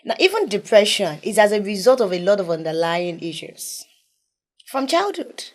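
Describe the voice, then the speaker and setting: A woman, speaking earnestly as a guest in a conversational interview and often dropping to softer tones. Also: medium pitch, very animated, moderate pace. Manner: earnest, emphatic, drops to soft tones. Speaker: guest, mental health advocate.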